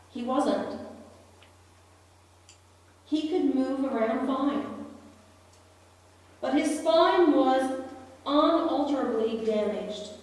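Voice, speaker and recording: A woman preaching a sermon slowly and deliberately, with long pauses. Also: high-pitched, a little mellow. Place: church hall. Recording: echoey hall, voice from far off.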